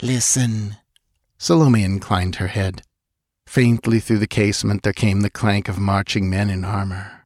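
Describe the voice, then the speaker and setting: A man narrating a fantasy audiobook in an expressive, measured storytelling manner. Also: lowish voice, no room sound, studio quality.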